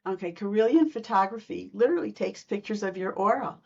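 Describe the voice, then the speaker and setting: A woman guest telling personal stories in a podcast interview, lively and laughing between lines. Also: medium pitch, brisk, vocal fry, husky, muffled recording. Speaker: guest, intuitive reader.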